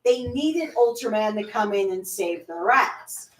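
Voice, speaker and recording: A woman's voice: medium pitch, lively intonation, a little slow. A woman chatting casually and bluntly with frequent swearing while nursing a headache. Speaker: co-host. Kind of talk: casual reaction chat. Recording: echoey room, far from mic.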